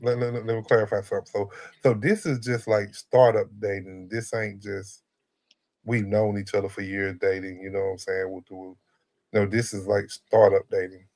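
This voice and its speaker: A man hosts a casual podcast in a somewhat low voice. He rambles and stumbles through his sentences, repeating words and dropping in fillers as he sets up the topic. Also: level tone, normal speed, a little mellow. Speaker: podcast host. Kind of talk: casual conversational chat.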